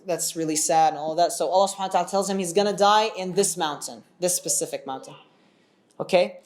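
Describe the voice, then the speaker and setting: A man telling a religious story in a casual, animated way, asking his listeners questions as he goes. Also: high voice, fast. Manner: animated, chatty, asks the audience questions.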